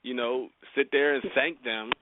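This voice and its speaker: A man's voice: medium pitch, steady tone, moderate pace, phone-quality sound, background noise. A man hosting a casual talk show, giving joking, rambling advice on promoting music, often laughing. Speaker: podcast host.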